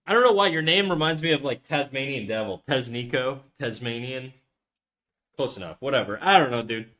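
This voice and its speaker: A young man draws on stream and reads his chat aloud, relaxed and swearing heavily, with a medium-pitched voice that's lively, a little fast and sharp. He's in his apartment, an untreated room, talking into a USB condenser desk mic.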